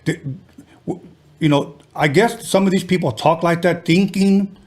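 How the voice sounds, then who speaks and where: A man's voice: high voice, measured pace, darkish tone. A man hosting a podcast, talking bluntly and animatedly in casual chat, swearing freely. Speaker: podcast host.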